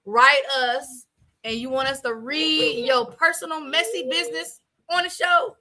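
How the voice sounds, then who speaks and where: A woman hosting a casual chat show, talking loudly and emphatically with lots of laughter. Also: high-pitched, measured pace. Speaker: host.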